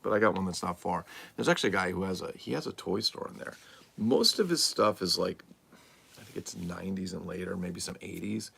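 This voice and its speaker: A man's voice: deep voice, a little fast, vocal fry, bright, forceful tone, husky. A man hosting a casual livestream from a collectibles room at home, rambling and answering viewers' comments aloud. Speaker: livestream host and toy collector. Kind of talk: casual live-stream chat.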